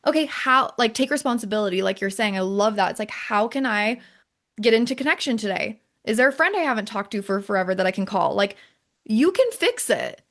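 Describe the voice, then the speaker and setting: A young adult woman hosting a podcast, talking in an animated, casual way with lots of fillers. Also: medium pitch, fast talker. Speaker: podcast host. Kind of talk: casual chat.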